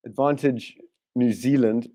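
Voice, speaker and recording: Guy doing live rugby commentary, mellow warm voice, gets hyped fast, trips over his words a lot. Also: medium pitch. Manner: excitable, bursts of enthusiasm, frequent restarts. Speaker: watchalong host.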